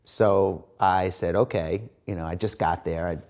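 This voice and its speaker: Low-voiced man telling stories with fillers. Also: a little slow. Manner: animated, lots of fillers and quoted dialogue. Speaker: interview guest. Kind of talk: casual storytelling.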